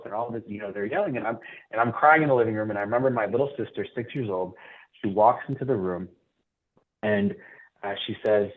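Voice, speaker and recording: A male comedian hosting an online event, telling stories in a halting, self-deprecating way. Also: lowish voice. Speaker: emcee and comedian. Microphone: video call. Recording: tinny phone-like audio.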